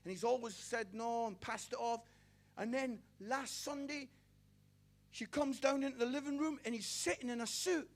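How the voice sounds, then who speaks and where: A middle-aged man preaching a sermon, telling stories passionately and building to near-shouts. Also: very high-pitched, normal speed.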